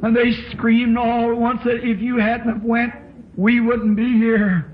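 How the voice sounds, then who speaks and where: A man preaches in a very high, ringing voice, unhurried and drawn out. He tells his story with fervent emotion, as in a sermon in a church. The recording is a dull, lo-fi old tape with a faint hiss underneath. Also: little pitch movement. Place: church tabernacle.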